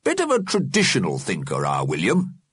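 A man voicing a pompous old male ghost alderman who speaks in a measured way. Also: sits low, wildly swooping pitch, fairly bright tone, breathy edge, dry recording, studio quality, heavily acted.

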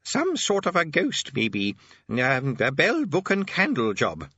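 A man's voice: a little high, huge pitch swings, slow, bright, forceful tone, breathy edge, dry recording, dull audio, voice pushed up, exaggerated voice. A man voicing a sleepy, befuddled ancient male archchancellor who stammers and is hard of hearing. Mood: vague.

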